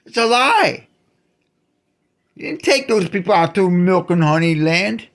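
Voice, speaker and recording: Male host, angry solo rant, higher register, gravelly; restarts words, bursts into shouts. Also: expressive, a little slow. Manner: indignant, repeats and restarts words, shouts accusations. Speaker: channel host. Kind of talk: ranting monologue.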